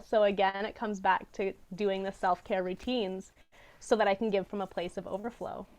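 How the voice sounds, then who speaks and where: A woman speaks in an unhurried, reflective conversational style. She is earnest and thoughtful and sometimes stops mid-thought to search for a word. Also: mid-range voice, steady tone, dull audio. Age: adult parent. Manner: earnest, gently searching for words, with soft laughs. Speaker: podcast co-host.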